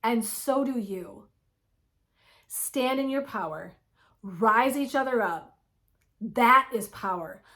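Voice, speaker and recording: A woman's voice: fairly high pitch, fairly bright tone. A woman in her forties giving a fiery, blunt motivational pep talk in her vlog, swearing freely. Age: 40s. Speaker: wellness vlogger.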